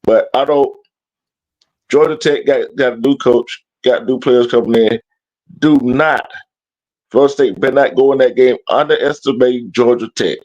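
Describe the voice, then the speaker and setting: Brief: male co-host, loose halting talk, dull lo-fi sound, mid pitch. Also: a little mellow. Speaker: co-host panelist. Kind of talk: casual sports talk. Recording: muffled low-quality audio.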